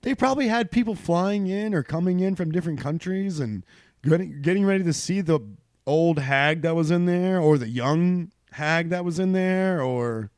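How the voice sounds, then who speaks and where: A man's voice: a little high, moderate pace, no room sound, clean studio sound. A man co-hosting a casual comedy podcast, swearing and joking as he talks. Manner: animated, swearing, laughs a lot. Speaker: podcast co-host.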